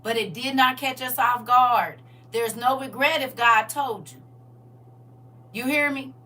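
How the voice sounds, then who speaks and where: A woman's voice: a little high, unhurried, sharp tone, distant mic. A woman hosting a casual faith livestream, laughing and talking straight to her viewers while she reads their comments.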